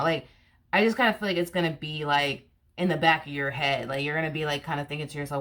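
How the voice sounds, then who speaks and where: A woman's voice: deep voice, fairly even intonation, fast, a bit bright. A woman giving a casual tarot reading to camera, repeating herself with rhetorical questions and many fillers. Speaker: tarot reader.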